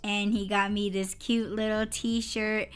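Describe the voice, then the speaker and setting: A woman's voice: medium pitch, level tone, takes it slowly, clean tone, soft background music. A woman co-hosting a casual podcast, telling a story in a heated, profane way and breaking into laughter. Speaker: podcast co-host.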